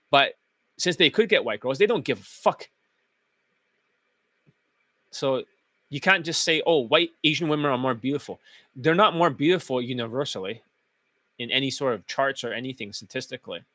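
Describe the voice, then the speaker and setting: A man's voice: medium pitch, bright, forceful tone, dry recording. A man who coaches dating, talking in a blunt, profane, casual monologue.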